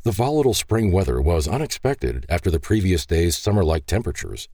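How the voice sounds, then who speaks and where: A man narrates an audiobook from a script, measured and expressive in his storytelling. His voice is low-pitched, and the recording is dry and clean, studio-made.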